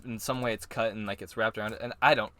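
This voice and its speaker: A man's voice: lowish voice, steady tone, fast talker, a bit bright, dry recording. A man co-hosting a podcast in casual chat, rambling with lots of fillers and frequent laughs. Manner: chatty, rambling with many "like" fillers, laughs often. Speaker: podcast co-host.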